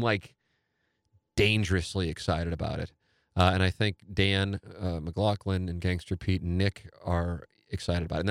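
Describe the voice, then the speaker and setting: A man's voice: low-pitched, vocal fry, no room sound, clean studio sound. Enthusiastic rambling man hosting a podcast. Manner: rambling, enthusiastic, self-deprecating. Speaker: podcast host. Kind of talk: casual solo podcast talk.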